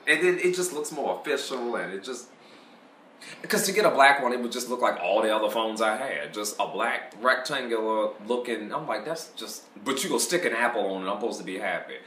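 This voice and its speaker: A man's voice: mid-range voice, fairly quick, echoey room, slight background noise. A man telling a funny shop story in casual chat, acting out both sides and swearing and laughing freely. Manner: animated, acts out both sides of a shop argument.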